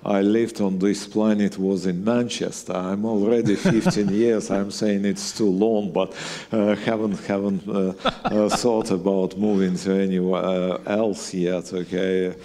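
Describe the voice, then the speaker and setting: A middle-aged man from Russia with a Russian accent, a guest scientist talking on stage in a halting way, full of fillers and restarts, with dry humour. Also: deep voice, level tone, dark tone. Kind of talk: live on-stage conversation. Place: museum event hall, live audience. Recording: long reverb of a large hall.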